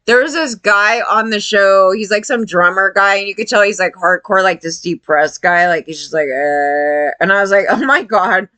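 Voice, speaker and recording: A woman with a mid-range voice talks casually and ramblingly at normal speed, with few pauses and no echo. She's animated, laughs often, and acts out what other people said by quoting them in voices.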